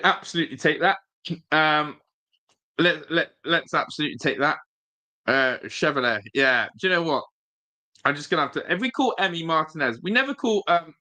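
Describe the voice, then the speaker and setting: Bright-voiced chatty man. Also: fairly high pitch. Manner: chatty, rambling, reads viewer chat aloud. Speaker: football fan channel host. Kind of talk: live-stream casual chat.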